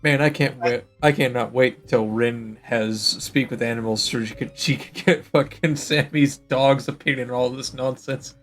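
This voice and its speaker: A man's voice: mid-range voice, steady tone, normal speed, hardly any pauses, a bit bright, faint music behind. A man playing in a tabletop game who makes dry wisecracks in casual chat. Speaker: player.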